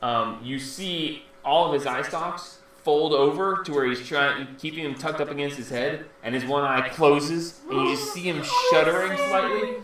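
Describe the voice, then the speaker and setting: A man's voice: on the high side, very animated, fairly bright tone. Echoey far-off man running a game. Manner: laughs often, halting with fillers. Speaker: dungeon master. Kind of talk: narrating a tabletop game. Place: home room. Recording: echoey room, mic far off, faint background hum.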